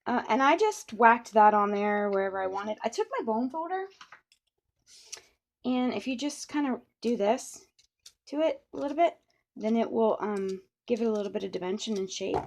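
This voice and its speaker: A woman's voice: a little high, normal speed, vocal fry. Chatty woman demonstrating a craft. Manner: chatty, rambling, playful asides. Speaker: papercraft demonstrator. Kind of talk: casual crafting tutorial.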